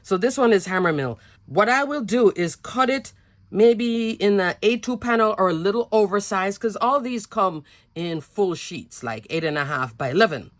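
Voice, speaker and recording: A woman hosting a craft video, chatting warmly and gushing over cute stamps as she shows them. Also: medium pitch, lively intonation, normal speed, no echo. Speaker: craft channel host. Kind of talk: casual product show-and-tell.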